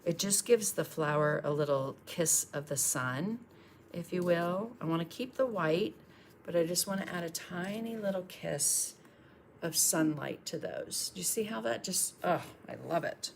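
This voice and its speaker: A low-pitched woman with a drawl talks viewers through a painting demo. She chats warmly and encourages them while working with her brush. A faint hiss sits under her voice. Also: a little slow, vocal fry. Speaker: painting instructor on a livestream. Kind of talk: casual painting demonstration.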